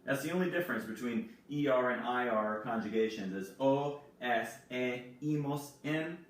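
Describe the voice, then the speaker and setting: A man's voice: mid-range voice, moderate pace. Male teacher, patient explainer who spells things out letter by letter; very echoey room, mic at a distance. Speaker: Spanish teacher. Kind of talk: recorded classroom lesson.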